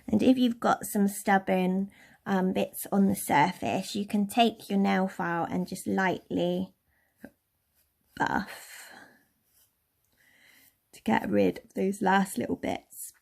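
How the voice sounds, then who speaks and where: A young woman from Somerset giving a relaxed, chatty nail care tutorial in a lightly posh English accent. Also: mid-range voice, measured pace, gravelly. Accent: posh-leaning southern English. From Somerset, England. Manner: chatty, relaxed, with soft laughs. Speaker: beauty tutorial host.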